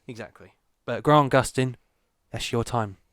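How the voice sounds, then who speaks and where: A man in casual podcast chat who reads out news and adds dry, sarcastic jokes. His pitch is middling and the recording is dry. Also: measured pace, no room sound. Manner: wry, sarcastic asides. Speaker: podcast co-host. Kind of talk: casual chat, reading an article aloud.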